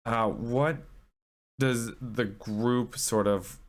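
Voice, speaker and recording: A man narrating as game master of a tabletop game, relaxed and halting, with many fillers. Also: medium pitch.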